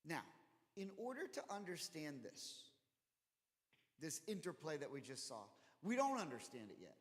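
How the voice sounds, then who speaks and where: Animated man teaching in a reverberant hall. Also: on the high side, moderate pace. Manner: conversational, animated, acts out quoted dialogue. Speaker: rabbi teaching Torah study. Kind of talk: informal Torah study class. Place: temple chapel.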